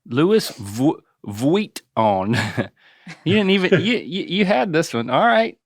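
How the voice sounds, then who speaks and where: A man's voice: high voice, sing-song, moderate pace, vocal fry, a bit bright. Playful man spelling words out. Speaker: podcast co-host, son quizzing his father. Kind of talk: casual chat.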